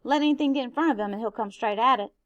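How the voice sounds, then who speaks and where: A woman's voice: a little high, rapid-fire, no room sound, dull audio, lightly acted. A woman reading a novel aloud, voicing a worried young girl in a plain way.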